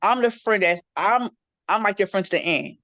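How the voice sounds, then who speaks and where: A middle-aged woman chatting casually in a group discussion, telling stories with lively quoted voices. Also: normal speed, dry recording. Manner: animated storytelling, jumps into high-pitched quoted voices. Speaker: panel guest. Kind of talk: casual chat.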